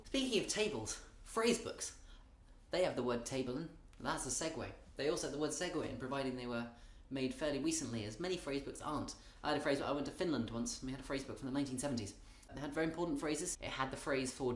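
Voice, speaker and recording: A British man talks through a comic monologue in a wry, meandering way. He keeps stopping mid-thought to restart, and his voice sits at an ordinary middle pitch. The room around him rings with noticeable echo. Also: fast talker. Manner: wry, rambling, self-interrupting. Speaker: comedian.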